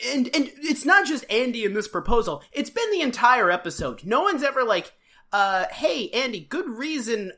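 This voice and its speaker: A woman co-hosting a chatty podcast, recapping a show with biting sarcasm. Her pitch swings widely as she jumps into loud mock voices for the characters. She talks loosely, full of fillers and asides. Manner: sarcastic, animated, mimics characters with big voices. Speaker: podcast co-host. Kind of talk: casual chat recapping a TV episode.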